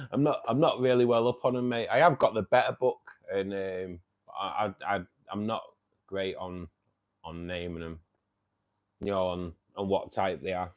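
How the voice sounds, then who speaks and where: A man hosting a casual livestream speaks in a low voice at a measured pace. He reads out viewers' chat, says "mate" a lot and laughs often.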